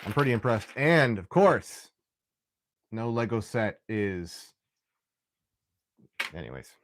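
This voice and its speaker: A young man hosting a live stream, chatting casually while he builds, often restarting sentences and clearing his throat. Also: fairly low pitch, very animated, slow pace, slight background noise.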